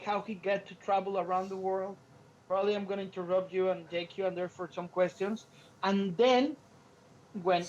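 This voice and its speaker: Animated storytelling man, lo-fi sound. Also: high voice, a little hiss or hum. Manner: animated storyteller, acts out quotes, frequent restarts. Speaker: podcast co-host. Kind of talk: casual podcast chat. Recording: lo-fi podcast audio.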